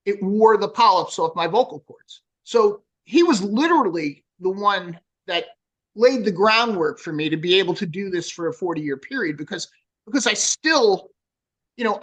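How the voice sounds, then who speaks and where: A man's voice: sits high, low-quality recording. A man in his sixties with a New Jersey accent, a metal singer telling swearing-filled stories in a casual interview. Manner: profane, storytelling, animated.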